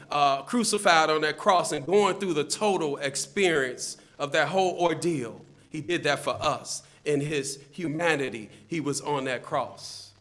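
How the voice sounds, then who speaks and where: A man preaching a sermon as a deacon, swelling to loud emphatic peaks on key phrases, repeating words and joking with the congregation. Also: fairly high pitch.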